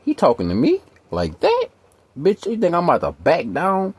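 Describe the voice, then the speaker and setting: A woman's voice: on the low side, wildly swooping pitch, normal speed, a little mellow, breathy edge, no echo, voice pushed up, full character voice. A man voicing an indignant young woman passenger who talks back confrontationally. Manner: incredulous, confrontational.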